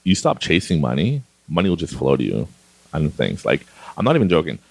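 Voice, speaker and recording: Low, gravelly-voiced chatty man. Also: huge pitch swings, a little fast, dry recording. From Canada. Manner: rambling, chatty, laughs often. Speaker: podcast host. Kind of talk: casual monologue.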